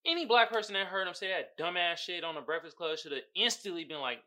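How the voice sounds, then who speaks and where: A man's voice: sits high, animated, quick pace, bright, forceful tone, slight background noise. A young man hosting his own podcast, venting bluntly and profanely in casual talk. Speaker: podcast host. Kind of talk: casual solo podcast rant.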